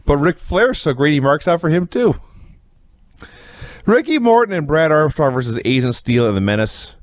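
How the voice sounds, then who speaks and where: Lively male wrestling review co-host. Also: fairly high pitch, normal speed, dry recording, clean studio sound. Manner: animated storytelling, quoting others with put-on voices. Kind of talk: casual review chat.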